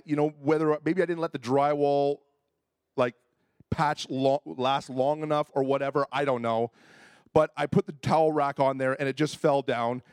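Self-mocking pastor telling a story. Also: male voice, on the high side, a little mellow, dry recording, clean studio sound. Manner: self-deprecating, humorous, acts out quoted voices. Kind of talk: storytelling sermon.

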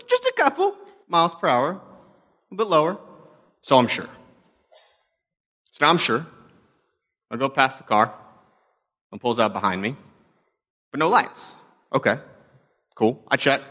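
A man's voice: mid-range voice, bright, forceful tone. A young adult man, a pastor, telling stories in a conversational, self-deprecating sermon talk.

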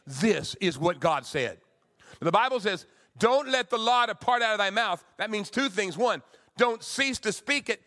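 A man in his sixties, a pastor preaching a sermon with emphatic swings between loud and soft. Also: high voice, animated, moderate pace.

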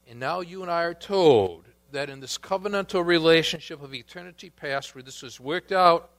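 A male pastor delivers a sermon at an unhurried, measured pace. His voice is fairly high and bright, with emphatic swells on key words and quiet asides in between. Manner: slow, deliberate preaching with emphatic rises and quiet asides; reads scripture quotes aloud with emphasis.

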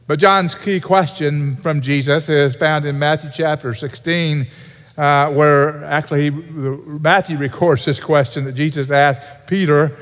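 A pastor delivering an earnest sermon in a church, repeating key points for emphasis. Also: male voice, on the high side, steady tone, measured pace, fairly bright tone. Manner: earnest preaching with repetition. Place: church sanctuary. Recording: reverberant hall.

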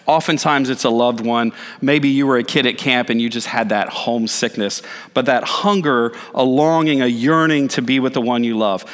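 A man in his forties, a pastor giving a conversational sermon with animated, self-deprecating asides. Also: mid-range voice, normal speed, hardly any pauses. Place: church sanctuary. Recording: reverberant church hall.

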